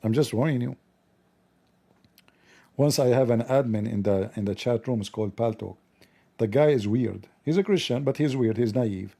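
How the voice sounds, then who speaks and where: Gravelly, dark-voiced mocking man. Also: medium pitch, moderate pace, long pauses. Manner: sarcastic, mocking, acts out dialogues. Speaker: livestream host. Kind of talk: mocking comedic monologue.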